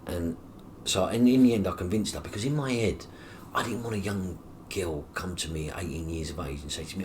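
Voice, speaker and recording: Deep-voiced man telling his story. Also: a little fast, hardly any pauses, a little hiss or hum. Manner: animated, acts out quoted dialogue with coarse swearing. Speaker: guest. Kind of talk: personal storytelling in an interview.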